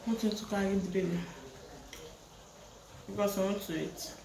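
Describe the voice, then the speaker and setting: A woman's voice: medium pitch, steady tone, moderate pace, dark tone, echoey room, slight background noise. A woman with a Nigerian accent chatting casually while she cooks at home, laughing often and slipping Yoruba phrases into her English. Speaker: vlogger and mother. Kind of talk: casual chat while cooking. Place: home kitchen.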